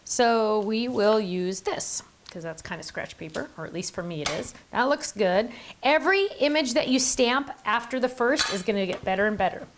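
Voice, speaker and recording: A woman's voice: fairly high pitch, expressive, moderate pace, slight background noise. A middle-aged woman hosting a card-making tutorial, chatty and enthusiastic, gushing over her supplies. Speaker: craft video host.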